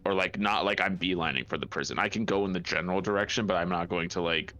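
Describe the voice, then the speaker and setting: A man's voice: low voice, quick pace, pushed and bright, muffled recording. A man playing a tabletop game, spelling out his actions step by step with a dry, joking streak. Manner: earnest step-by-step, dryly joking. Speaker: player.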